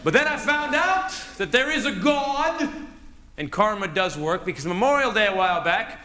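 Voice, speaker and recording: Wry, lively male stand-up comic. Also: high-pitched. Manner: wry storytelling, quick punchlines. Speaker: stand-up comedian. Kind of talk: stand-up comedy routine. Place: live comedy stage before an audience. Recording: loud noise over live stage audio.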